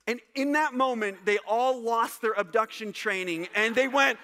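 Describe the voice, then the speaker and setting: Bright-voiced, jokey pastor man. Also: sits high, normal speed. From Wisconsin. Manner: jokey, animated, teasing the congregation. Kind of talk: casual sermon with storytelling. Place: church service before a live congregation.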